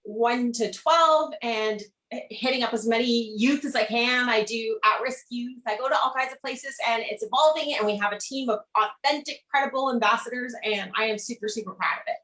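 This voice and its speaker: The guest, a woman who works as an ironworker, has a fairly high, sharp-toned voice at normal speed. She talks eagerly and laughs frequently during this casual interview over video, recorded with a roomy echo.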